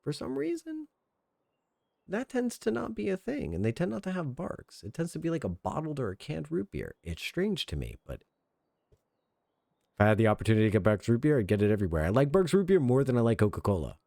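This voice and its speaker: A man streaming a game, chatting in an excitable, rambling, self-mocking way from a home setup. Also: mid-range voice, fast, creaky, dry recording, studio quality. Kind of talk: casual game stream commentary.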